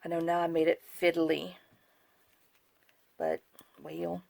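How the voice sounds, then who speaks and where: A woman's voice: on the low side, fairly even intonation, slow, gravelly, a little mellow. A woman, rambling and apologizing as she shows off a craft journaling project in a casual tutorial vlog, wired on too much caffeine. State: overcaffeinated. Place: home craft desk.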